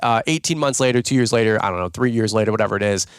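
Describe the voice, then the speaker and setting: A man hosting a podcast, telling rambling, self-mocking stories full of fillers and jumping up in pitch whenever he quotes someone. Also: very fast, clear, resonant tone, no room sound, clean studio sound. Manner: filler-heavy, self-mocking, jumps into higher-pitched voices when quoting people. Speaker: podcast host. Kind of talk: casual rambling storytelling.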